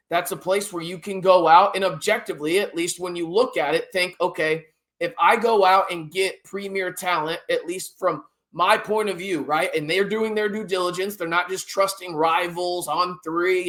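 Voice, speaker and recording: A young man hosting a chatty, energetic sports recruiting commentary show. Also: high-pitched. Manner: energetic, chatty, digressive fan talk. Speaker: sports channel host.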